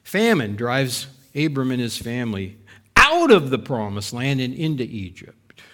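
A middle-aged man preaching a sermon, animated, acting out people's doubts and asking the congregation rhetorical questions. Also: mid-range voice, a little slow. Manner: animated, voices the doubts of biblical figures, rhetorical questions to listeners. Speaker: pastor.

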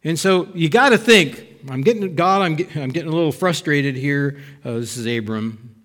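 A middle-aged man preaching a sermon with an animated, conversational delivery. He slips into quoted doubts and fires rhetorical questions at his listeners. His voice sits slightly higher than most men's. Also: moderate pace. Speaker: pastor.

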